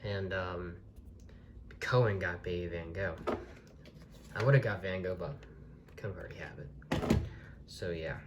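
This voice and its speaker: A man's voice: sits low, unhurried, pauses often, very noisy. A man reviewing a collectible video tape from the desk in his bedroom, talking casually and rambling with many restarts.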